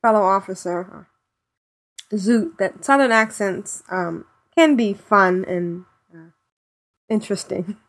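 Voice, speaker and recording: A woman's voice: medium pitch, slow pace, long pauses. A woman co-hosting a casual gaming podcast, bantering playfully and laughing often. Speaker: podcast co-host.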